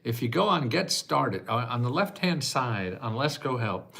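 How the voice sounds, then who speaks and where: An American man in his eighties hosting a casual livestream chat, self-mocking and quick to laugh, sometimes choking up with emotion. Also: mid-range voice, big pitch swings, creaky, fairly bright tone. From United States. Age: 80s. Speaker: host answering viewer questions.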